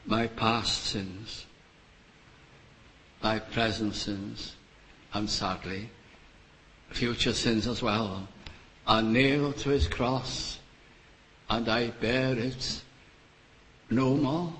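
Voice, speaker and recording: An older man preaching a sermon, slow and deliberate, building up to emphatic rhetorical questions. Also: on the low side, steady tone, fairly bright tone, low-quality recording.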